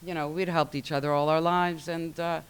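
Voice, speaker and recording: Smooth-voiced woman telling a wry story. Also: sits low, level tone, moderate pace. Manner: wry, self-mocking storytelling, acting out family quotes. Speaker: recovery meeting speaker. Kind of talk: personal story shared at a recovery meeting.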